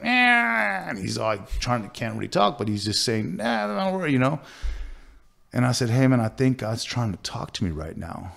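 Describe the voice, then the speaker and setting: A man with a low, gravelly voice tells a personal story in a sit-down interview. He speaks earnestly and haltingly, often restarting and leaning on "you know." The low, rough grain of his voice stays steady throughout. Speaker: tattoo artist, interview guest.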